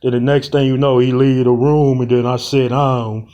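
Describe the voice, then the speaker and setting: A young man casually retelling a short film plot, rambling and slangy with many pauses. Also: mid-range voice, little pitch movement, lo-fi sound. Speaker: storyteller.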